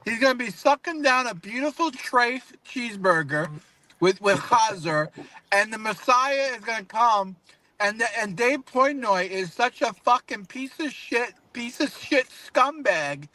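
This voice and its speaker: A man's voice: very high-pitched, expressive, unhurried, bright, forceful tone. A man calling in who rants crudely and emphatically, repeating his phrases. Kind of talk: heated live-stream debate.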